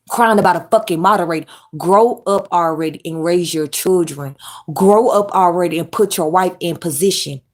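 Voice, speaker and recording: Blunt, profane woman ranting. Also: on the low side. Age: adult mother. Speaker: commentary YouTuber. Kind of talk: ranting commentary.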